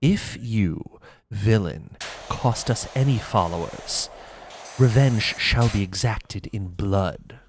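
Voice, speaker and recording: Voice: medium pitch, takes it slowly, vocal fry, pitched below the performer's own voice. A streamer voicing a pompous aristocratic vampire dandy. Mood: haughty. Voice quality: haughty, drawling, says darling. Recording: hissy stream audio, spray noise.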